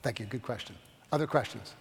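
A pastor teaching a Bible study class, talking fast and animated, with frequent restarts. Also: male voice, medium pitch, vocal fry, breathy edge, long reverb tail. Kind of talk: Bible study lecture with questions.

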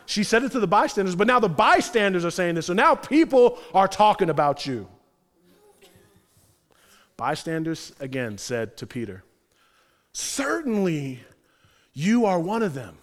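A male preacher giving a sermon with animated, conversational, slangy storytelling. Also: high voice. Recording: long hall reverb.

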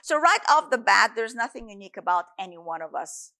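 A woman's voice: mid-range voice, big pitch swings, a little fast, pushed and bright. A woman preaching a sermon in an earnest, emphatic way.

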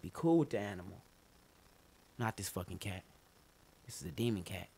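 Laid-back man with lively pitch. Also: normal speed, a little hiss or hum. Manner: laid-back storyteller, laughs often, drops low when telling stories. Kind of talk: casual chat.

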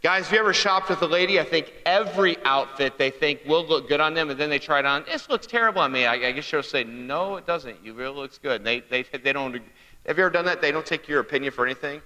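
Bright-voiced man preaching in a reverberant hall. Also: fairly high pitch, quick pace. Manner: conversational storyteller, asks the crowd questions. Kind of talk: humorous sermon to a congregation.

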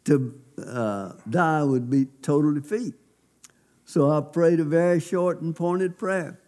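A man's voice: fairly high pitch, slow, dark tone. Emphatic pastor telling his testimony. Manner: emphatic, folksy storytelling. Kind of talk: sermon testimony.

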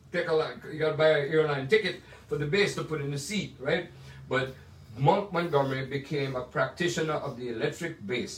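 An older man from Jamaica with a Jamaican accent, telling rambling stories about his life as a jazz pianist, full of digressions and asides. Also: medium pitch. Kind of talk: casual storytelling. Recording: roomy sound from a distant mic.

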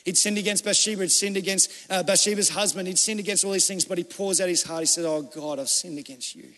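A male pastor preaching a sermon with passion, rising to urgent appeals and dropping to hushed, pleading tones. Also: sits high, fairly even intonation, fast, long reverb tail.

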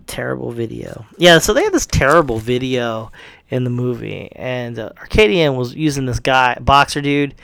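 A man's voice: medium pitch, animated, moderate pace, gravelly, fairly bright tone, clean tone, no echo, studio quality. A man hosting a podcast, retelling a film in a rambling, profane way with lots of fillers and restarts. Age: adult with a young child. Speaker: podcast host. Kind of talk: casual spoken movie recap.

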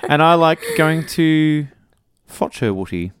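A man's voice: a little high, expressive, slow, slight background noise. A middle-aged Australian man co-hosting a casual podcast, joking and reading out listener messages. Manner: jokey, reads out listener messages. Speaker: podcast co-host. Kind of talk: casual chat.

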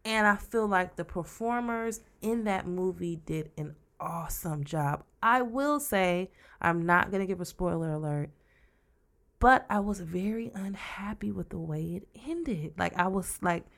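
A woman with a low, gravelly voice chats casually as a podcast co-host. Her speech is slangy and relaxed, and she laughs and cuts in on her partner. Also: unhurried. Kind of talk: casual chat.

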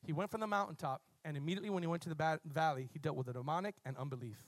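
A male pastor preaching a passionate sermon to a congregation, swinging from loud bursts to low quiet asides and having them repeat words. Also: rapid-fire, no room sound.

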